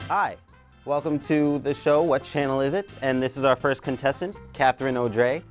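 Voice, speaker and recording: A man's voice: medium pitch, steady tone, moderate pace, over music, close to an everyday voice. A man playing a cheesy game show host with breezy, showy quiz patter in a spoof commercial. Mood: chipper.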